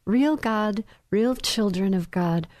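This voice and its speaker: A woman's voice: medium pitch, slow pace, a little mellow, no room sound. A woman on a faith talk show, telling stories with animation and acting out childlike voices. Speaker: guest speaker.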